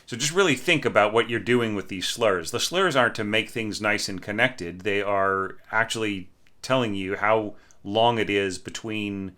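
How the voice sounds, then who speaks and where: A man with a somewhat low voice and a bright, forward tone gives a relaxed orchestration lesson. He talks casually over a score, sings snippets of the music, and keeps asking his listeners "right?". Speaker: orchestration teacher.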